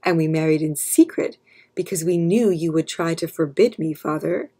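Woman doing defiant young bride, snappy, husky, children's audiobook. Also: low voice, moderate pace, warm tone. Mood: earnest.

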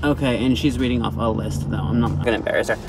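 A man's voice: mid-range voice, steady tone, quick pace, background noise, lightly acted. A man doing a sassy valley-girl vlogger. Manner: gossipy, endless "like" and "okay?", mocking giggles. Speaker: comedy sketch host. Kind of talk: comic character monologue. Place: inside a parked car.

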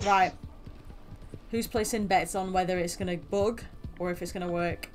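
A woman's voice: on the low side, steady tone, normal speed. A woman hosting a casual, teasing chat with friends while playing an online game. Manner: playful, teasing, bursts of loud laughter. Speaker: gaming channel host.

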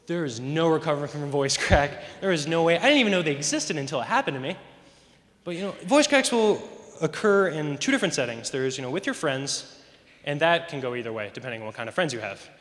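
Teenage boy, stand-up comedian, rambling self-mocking delivery, bright tense tone, echoey school auditorium. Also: on the high side, lively intonation, brisk. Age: teens. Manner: rambling, self-mocking, lots of "you know". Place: large school auditorium stage. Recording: echoey hall.

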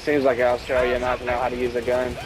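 A young American man gaming with friends, loud, profane and teasing. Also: mid-range voice, completely flat delivery, fast, a loud crowd. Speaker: gamer. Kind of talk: casual gaming banter.

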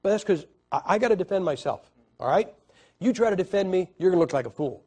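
A man preaching a sermon, telling a story with many halting restarts and swings from loud to quiet. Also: sits high, animated. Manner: halting, repeats words and restarts. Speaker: evangelist preacher.

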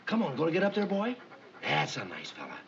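An actor playing a flustered, good-natured young husband in a 1960s sitcom, coaxing and pleading with comic patience. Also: male voice, a little high, wildly swooping pitch, fairly quick, vocal fry, fairly bright tone, a little hiss or hum, exaggerated voice. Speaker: comedy writer husband in a sitcom. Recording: dull 1960s TV soundtrack with roomy echo and laugh track. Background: studio audience laughter.

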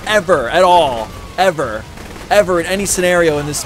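A man's voice: on the high side, lively intonation, moderate pace. A man streaming a video game live, ranting and swearing at the game with mounting frustration. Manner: profane, exasperated ranting and yelling. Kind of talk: live gameplay commentary. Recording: game audio noise behind. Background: game gunfire and vehicles.

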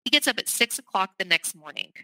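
A woman's voice: mid-range voice, big pitch swings, quick pace, bright, forceful tone, dry recording, poor audio. A middle-aged woman from the South, a podcast guest candidly and urgently recounting a personal story. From American South.

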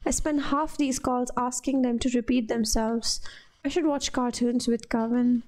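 A woman voicing a worried immigrant husband who pleads politely in a job interview, in her own high voice. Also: steady tone, unhurried, a little mellow, close to an everyday voice.

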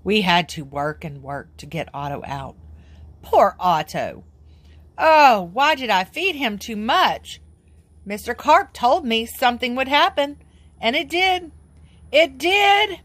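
A woman reading a children's book aloud in an expressive, sing-song way. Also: fairly high pitch, slow, dry recording. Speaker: storybook reader.

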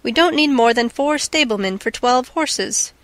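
A woman's voice: fairly high pitch, lively intonation, moderate pace, dry recording, natural voice. A woman voicing an explosive, blustering opera manager. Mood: exasperated. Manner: explosive, exasperated.

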